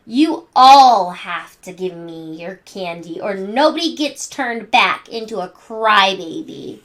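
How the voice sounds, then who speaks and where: Woman reading as a spoiled toddler bully, whiny and bossy, slow storybook delivery. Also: medium pitch, expressive, a bit bright.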